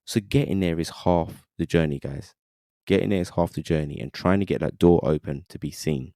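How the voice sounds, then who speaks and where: A man, recounting his journey as a podcast guest in an animated, chatty way. His voice is deep and gravelly with a dark, mellow tone, recorded close and dry. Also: normal speed, no room sound. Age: 30s. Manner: animated, repeats "you know what I mean". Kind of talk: casual storytelling interview.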